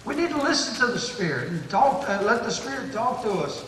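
A man's voice: high voice, sing-song, brisk, fairly bright tone, a little hiss or hum. A man preaching a sermon in an emphatic, folksy way with homespun humor. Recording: echoey room from far off.

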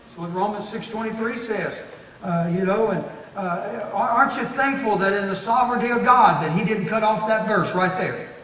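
A man's voice: high-pitched, fairly bright tone, a little hiss or hum. A man preaching a sermon in an emphatic, folksy way with homespun humor. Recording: echoey room from far off.

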